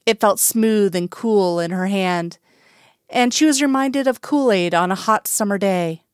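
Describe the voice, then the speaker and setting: A woman reading a story aloud in calm, even narration. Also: medium pitch, measured pace, clear, resonant tone, no room sound, studio quality. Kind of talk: audiobook narration.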